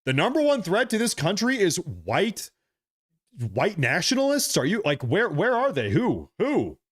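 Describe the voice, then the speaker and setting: A man's voice: sits high, wildly swooping pitch, measured pace. A man hosting a political live stream, talking agitated and repetitive and speaking straight to his viewers. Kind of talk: casual live-stream commentary.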